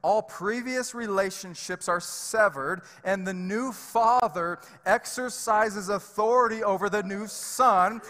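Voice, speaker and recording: Bright-voiced pastor preaching in a reverberant hall. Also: male voice, sits high, slow, few pauses. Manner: emphatic, conversational preaching with fillers and repeats. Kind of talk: sermon. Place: church sanctuary.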